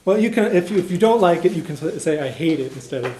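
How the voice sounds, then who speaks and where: A man teaching a beginner language class, relaxed and chuckling, with plenty of fillers. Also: a little high, quick pace, background noise. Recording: echoey classroom.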